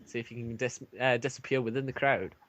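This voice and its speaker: A man narrating a tabletop game as game master, pausing often with ums and uhs. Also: mid-range voice, flat delivery, a bit bright, no room sound. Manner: hesitant, many ums.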